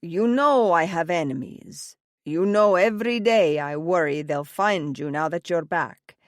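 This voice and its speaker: A woman reading an audiobook, voicing a gruff, overprotective older father with an Italian accent who growls his orders. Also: lowish voice, unhurried, no room sound, clean studio sound, close to an everyday voice. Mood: pleading. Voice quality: growling, stern. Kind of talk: audiobook character voice. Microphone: close studio mic, dry.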